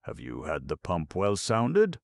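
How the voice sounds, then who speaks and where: A man's voice: low-pitched, wildly swooping pitch, unhurried, vocal fry, a little mellow, no room sound, studio quality, full character voice. A man reading the lines of a stern veteran steamboat captain who gives clipped, commanding orders.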